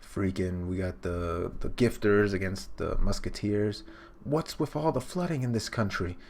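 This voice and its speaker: A man reading a comic live for viewers, excited, exclaiming, loose and profane. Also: on the low side, unhurried, gravelly. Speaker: live reaction streamer.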